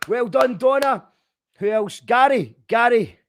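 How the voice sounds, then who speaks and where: A man hosting a casual live stream, excitable and given to swearing and shouting when thrilled. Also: high-pitched, fairly quick, a little hiss or hum. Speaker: host of a live stream show.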